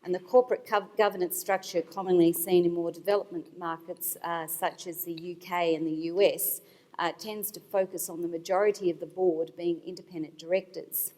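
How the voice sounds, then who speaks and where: A woman panelist speaking as an institutional investor, explaining her points in a measured way with some fillers, at a conference. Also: lowish voice, steady tone, dark tone. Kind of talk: panel discussion remarks. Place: conference hall. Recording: long hall reverb. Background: hall reverb.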